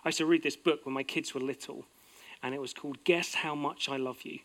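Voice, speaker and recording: A middle-aged man delivers a sermon in an earnest, heartfelt way. His voice sits somewhat high for a man, and he moves between bright, emphatic lines and quiet, low-voiced reflection. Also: fairly even intonation, brisk. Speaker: pastor.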